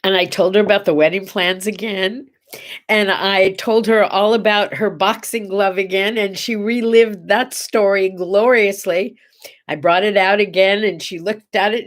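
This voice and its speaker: Middle-aged lady host, chatty and tender, rambly morning talk, mid-pitch voice. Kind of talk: casual morning chat show.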